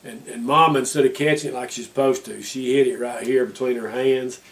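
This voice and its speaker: Man telling a lively family story. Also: medium pitch, fairly quick, far from the mic. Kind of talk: interview storytelling.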